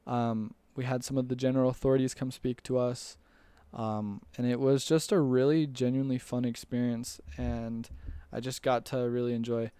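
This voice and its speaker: A man's voice: medium pitch, little pitch movement, normal speed, warm tone, clean tone, dry recording. A young man telling a casual, rambling story about his time as a missionary, often restarting his sentences and chuckling. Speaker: storyteller recalling a church mission.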